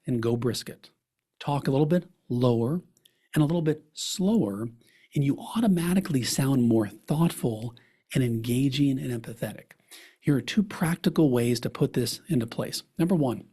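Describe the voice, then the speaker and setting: Mellow husky coaching presenter man. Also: medium pitch. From Texas. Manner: energetic, persuasive, folksy teaching tone with rhetorical questions. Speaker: webinar presenter, client conversion coach. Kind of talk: coaching webinar talk.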